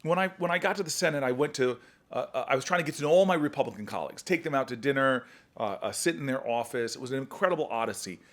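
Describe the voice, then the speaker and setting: A man, a senator telling stories in a podcast conversation, animated and acting out the people he quotes. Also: mid-range voice, quick pace. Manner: animated storyteller, acts out quoted voices. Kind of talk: storytelling conversation.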